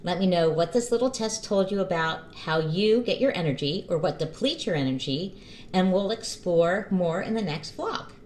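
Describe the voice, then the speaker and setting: Vlog host, middle-aged woman, low voice, very animated delivery. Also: normal speed, slight background noise. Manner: lively, animated storytelling with acted-out quotes. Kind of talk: casual advice vlog.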